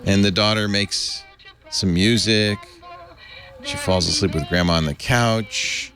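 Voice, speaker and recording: A man hosting a casual panel chat, telling a story in an animated way with laughs between points. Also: on the low side, a little slow, music in the background. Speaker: host.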